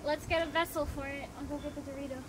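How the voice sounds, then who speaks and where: A young woman with a very high voice, off-mic and farther from the camera, teasing her partner and giving him orders. The recording is outdoors, and clear background noise runs behind her. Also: steady tone, racing, recorded from a distance. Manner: teasing, bossy. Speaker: girlfriend co-host. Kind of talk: casual vlog chat.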